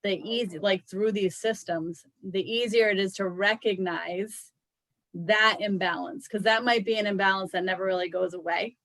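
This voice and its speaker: A woman's voice: medium pitch, fairly even intonation, normal speed, fairly bright tone, no room sound, rough recording. A woman co-hosting a casual chat about yoga, thoughtful, often restarting her sentences and saying "like". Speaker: yoga teacher co-host.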